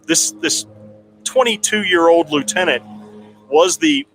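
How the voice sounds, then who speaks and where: A man in a town hall conversation telling a long personal story in a relaxed, rambling way with frequent restarts. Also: high voice, slow pace, vocal fry, soft background music. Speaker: political candidate guest.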